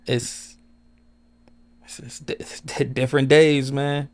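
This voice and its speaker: Man from Chicago, casual storytelling, animated, acts out dialogue, middle pitch. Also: slow. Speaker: guest DJ.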